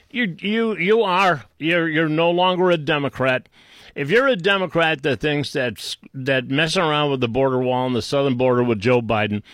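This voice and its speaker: A man with a Boston accent ranting sarcastically about politics, rambling, trading insults and clearing his throat. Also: medium pitch, a bit bright, no echo. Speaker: political commentator. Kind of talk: unscripted political rant.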